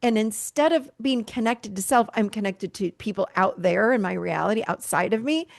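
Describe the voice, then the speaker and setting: A woman's voice: mid-range voice, moderate pace, vocal fry, no room sound, clean studio sound. A woman in her fifties, a therapist guest telling personal stories in a candid interview and acting out the dialogue. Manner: animated storyteller, acts out quoted dialogue.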